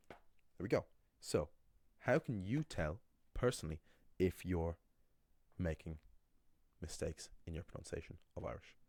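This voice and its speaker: A man teaching pronunciation in a casual video lesson, talking in an animated way and acting out the voices he quotes. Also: low-pitched. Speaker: language teacher.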